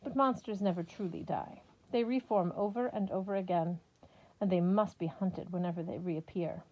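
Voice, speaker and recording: A woman voicing a calm, regal goddess in a girl's form, who speaks in a slow, measured, formal way. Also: fairly low pitch, muffled recording, natural voice. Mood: grave.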